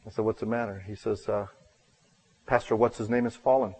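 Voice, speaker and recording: A man preaching a sermon as a pastor, telling a personal story with acted-out dialogue and self-deprecating asides, with loud emphatic bursts. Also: on the low side, steady tone, brisk, breathy edge, low-quality recording.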